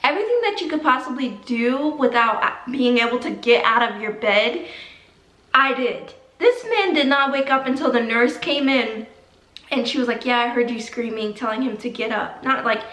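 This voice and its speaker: A woman's voice: high voice, animated, moderate pace, fairly bright tone. A young woman vlogger telling a personal story to camera in a chatty, dramatic way, with lots of "like"s. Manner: chatty, dramatic retelling with many "like"s. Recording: echoey room, mic at a distance.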